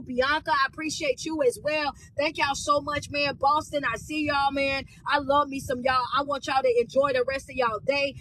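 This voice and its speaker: A woman's voice: high-pitched, slight background noise. A woman life coach on a livestream, talking casually and energetically as she thanks viewers by name. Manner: energetic, warm shout-outs in casual slang. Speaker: motivational speaker and life coach.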